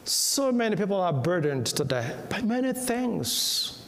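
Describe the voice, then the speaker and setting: Male preacher, high and very expressive voice, slow deliberate delivery, long hall reverb. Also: slight background noise. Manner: slow, emphatic, repeats key words; softens to a hush when quoting. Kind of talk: sermon.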